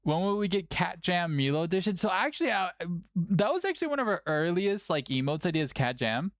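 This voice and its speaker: Animated, playful stream host, dry mic. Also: mid-range voice, fairly quick, dry recording. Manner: playful, chatty, often cooing at a cat. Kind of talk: casual livestream chat.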